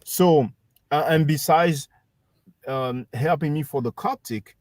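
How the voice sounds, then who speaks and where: A man hosting a livestream, calmly explaining history and addressing his listeners as brothers and sisters. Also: fairly high pitch, takes it slowly, dry recording, clean studio sound. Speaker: livestream host. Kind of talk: casual history discussion.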